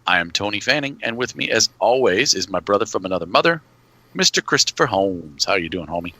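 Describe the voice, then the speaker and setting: A man hosting a podcast, giving a brisk, upbeat introduction. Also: on the low side, lively intonation, pushed and bright, dry recording. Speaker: podcast host.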